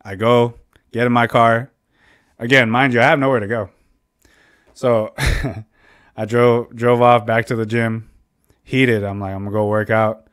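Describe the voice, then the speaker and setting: A young adult man, a podcast co-host, telling a personal story in casual chat, heated and profane, loudly acting out his own lines as he goes. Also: mid-range voice, fairly even intonation, unhurried, pauses often, clear, resonant tone.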